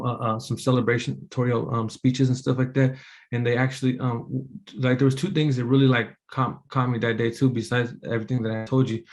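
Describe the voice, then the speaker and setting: A man's voice: medium pitch, darkish tone. A man telling his personal story to a meeting audience in a casual, rambling way, full of fillers and restarts, earnest and emotional. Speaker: apprentice speaker at a business meeting.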